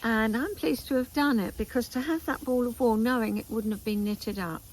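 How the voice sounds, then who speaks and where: An older woman hosting a knitting vlog, chatting in a meandering way with asides and pauses, outdoors in a garden. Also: fairly high pitch, slight background noise, rough recording. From England. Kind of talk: casual chat to camera.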